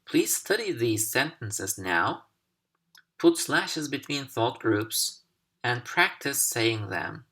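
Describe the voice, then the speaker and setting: A man teaching English over slides, speaking slowly and deliberately with careful pauses. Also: medium pitch, animated, bright, forceful tone. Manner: slow, deliberate, carefully paced. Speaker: English language instructor. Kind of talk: slide-based recorded lesson.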